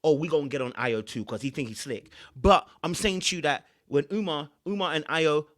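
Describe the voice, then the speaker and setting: A man's voice: fairly high pitch, brisk, a bit bright. A man, a relationship coach giving emphatic, preachy reaction commentary.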